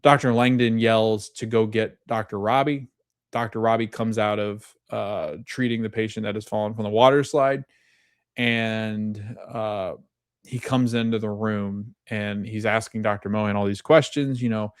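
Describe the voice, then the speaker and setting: A man's voice: on the low side, flat delivery, moderate pace, no room sound, clean studio sound. A young adult man hosting a podcast, rambling through a casual TV recap with lots of fillers. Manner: rambling, filler-heavy retelling. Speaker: podcast host.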